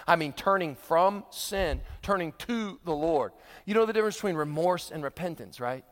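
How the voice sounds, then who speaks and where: High-voiced male preacher in a hall. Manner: animated, acts out quoted voices, laughs with the audience. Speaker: pastor. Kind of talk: sermon. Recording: long hall reverb.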